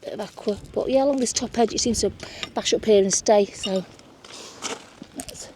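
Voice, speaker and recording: A woman's voice: medium pitch, moderate pace, dark tone, a little hiss or hum. Woman host, outdoor beach vlog, chatty and exclamatory. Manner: chatty, exclaiming over finds. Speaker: mudlarking vlogger. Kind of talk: casual chat while searching a beach.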